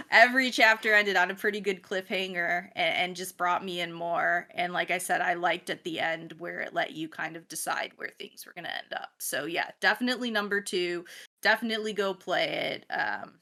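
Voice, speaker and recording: A bright-voiced woman chats on a casual gaming podcast. Her voice sits at an ordinary pitch, and she talks eagerly, with plenty of "like" and "um" as she goes. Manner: chatty and enthusiastic, many fillers like "like" and "um". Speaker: game editor, podcast co-host.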